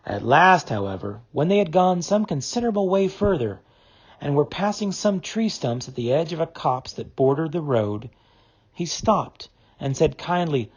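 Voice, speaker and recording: A man narrating a classic novel as an audiobook, reading in an expressive, dramatic storytelling manner. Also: on the high side, moderate pace, husky.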